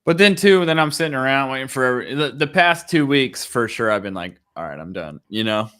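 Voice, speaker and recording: A young man hosting a podcast, telling stories in a rambling, profane, animated way. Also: medium pitch, a little fast, smooth. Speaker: podcast host. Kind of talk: casual chat.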